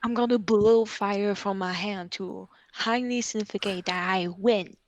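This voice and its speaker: Boastful snake-folk fighter, slow and unhurried, woman player in character. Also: medium pitch, fairly even intonation, no room sound, lightly acted.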